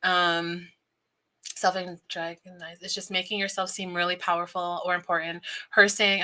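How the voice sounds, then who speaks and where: Woman host, casual stream talk, bright voice, laughs a lot, reads chat aloud. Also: fairly low pitch, flat delivery, normal speed. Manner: chatty, laughs often, reads viewer comments aloud. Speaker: livestream host. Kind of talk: casual livestream commentary.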